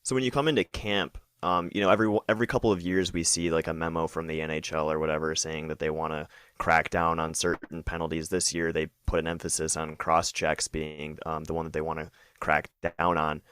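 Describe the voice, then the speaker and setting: A man with a low voice asks a guest questions, halting now and then with fillers. The sound is dry and close, with no room echo. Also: flat delivery, fairly bright tone, smooth. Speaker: podcast co-host. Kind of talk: casual interview questions.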